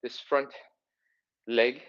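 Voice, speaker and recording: A man's voice: medium pitch, little pitch movement, drawn-out words, fairly bright tone, lo-fi sound. A man leading a live follow-along stretching workout, upbeat and encouraging, counting reps and a little out of breath as he moves. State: slightly out of breath from exercising. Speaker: mobility and stretching instructor.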